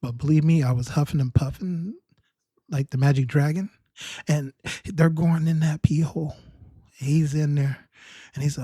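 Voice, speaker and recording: A man's voice: fairly high pitch, fairly even intonation, normal speed, mellow, dry recording, clean studio sound. A man telling a rambling, self-mocking comic story about his own experience. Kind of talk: humorous personal storytelling.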